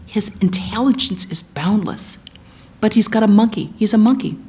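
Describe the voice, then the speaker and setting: A woman giving a sermon, retelling an epic as animated storytelling and acting out the quotes. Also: medium pitch, moderate pace. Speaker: guest speaker, monastic.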